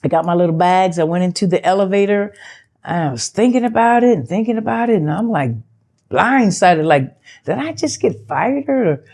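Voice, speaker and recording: An older woman, an actress, telling a story in a sit-down interview in a chatty, animated way and acting out the dialogue. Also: a little fast. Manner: animated, acts out quoted dialogue with big pitch jumps; chatty, loose, with fillers and self-interruptions.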